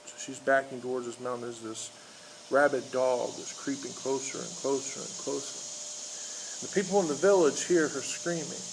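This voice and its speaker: A pastor delivers a loose, unscripted sermon in a gravelly voice, stopping and restarting as he goes. He tells his story plainly, with many fillers. Faint background noise sits under his voice. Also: mid-range voice, low-quality recording. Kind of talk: informal outdoor sermon with storytelling. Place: outdoors in a park.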